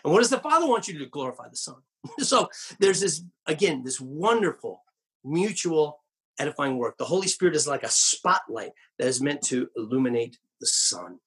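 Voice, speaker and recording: His tone is sing-song, fairly bright and husky as this male pastor preaches a sermon. He is earnest and emphatic, offers wry asides, and slows and drops down low for key phrases.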